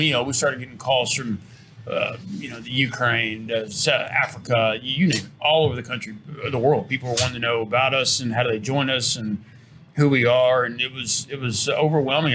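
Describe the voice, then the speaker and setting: An earnest middle-aged man pitches his business as a studio interview guest. His voice sits at an ordinary pitch, and he often repeats a word before finding the next one. A faint hiss runs underneath. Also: a bit bright. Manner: earnest, pitching, repeats words when restarting. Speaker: trucking company owner, interview guest. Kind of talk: promotional interview talk.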